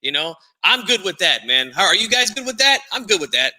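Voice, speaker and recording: Loud, theatrical boxing podcast host. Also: male voice, high-pitched, very animated, fairly quick, in a large hall. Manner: loud, theatrical, refers to himself in third person. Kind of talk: hyped-up boxing talk.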